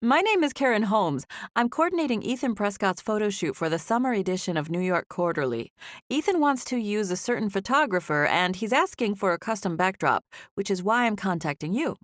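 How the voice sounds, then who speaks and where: A woman voicing a businesslike female magazine coordinator in an audiobook, speaking crisply and matter-of-factly. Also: mid-range voice, sing-song, fairly quick, no echo, clean studio sound, close to an everyday voice.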